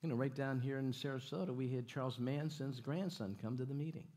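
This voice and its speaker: Male guest preacher, animated and jokey, middle pitch, repeats himself, questions the congregation. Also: brisk. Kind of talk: sermon with stories and jokes. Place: church sanctuary.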